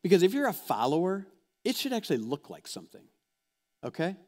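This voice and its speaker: A man's voice: high-pitched, a little fast. A man preaching a sermon as a pastor, talking conversationally and putting direct questions to his listeners. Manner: conversational, animated, asks the audience direct questions.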